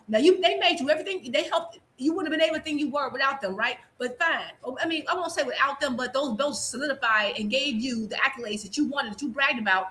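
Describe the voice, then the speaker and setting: A woman's voice: high-pitched, animated, quick pace, few pauses, a bit bright. A woman co-hosting a casual boxing panel chat, ranting emphatically and acting out quoted voices.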